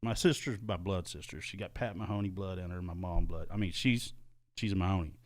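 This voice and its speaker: A man's voice: deep voice, fairly quick. A middle-aged man hosting a podcast, telling a story casually and swearing freely. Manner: animated, swears freely, laughs. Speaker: podcast host.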